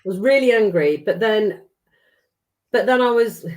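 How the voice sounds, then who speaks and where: A middle-aged woman from England, speaking expressively at normal speed with a medium pitch, chats as a guest on a podcast. Her casual stories come with plenty of swearing and acted-out lines.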